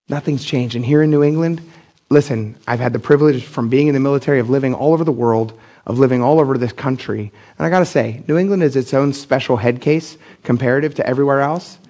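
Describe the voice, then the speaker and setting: A man's voice: medium pitch, fairly quick, warm tone. A middle-aged man from Pennsylvania preaching a casual, blunt sermon as pastor, acting out the people he quotes with big jumps in his voice. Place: church.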